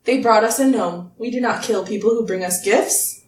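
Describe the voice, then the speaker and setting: A woman's voice: fairly high pitch, normal speed, slight background noise, natural voice. A woman voicing a weary, dismissive male tiefling cult leader who gives curt, exasperated commands. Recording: echoey room, mic at a distance.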